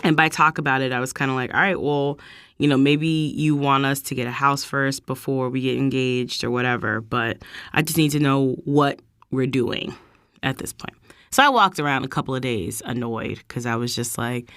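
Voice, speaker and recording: A woman's voice: normal speed, no echo, clean studio sound. A woman hosting her own vlog, casually telling a personal story and acting out what people said. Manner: animated, quotes people in higher voices. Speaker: vlog host.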